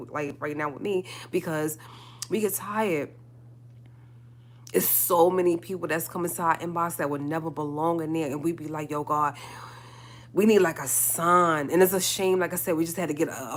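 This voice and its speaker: A woman ranting on her own livestream, low-pitched for a woman and fired up. She hammers points home by repeating them, with slangy asides. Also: a little hiss or hum. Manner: emphatic, repeating lines for stress, with slangy asides. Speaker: livestream host. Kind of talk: heated solo livestream rant.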